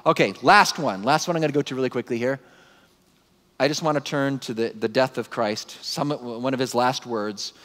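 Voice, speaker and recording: A man giving a conversational, animated Bible talk to a live conference audience, with frequent asides. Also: mid-range voice, moderate pace, long reverb tail. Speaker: conference speaker.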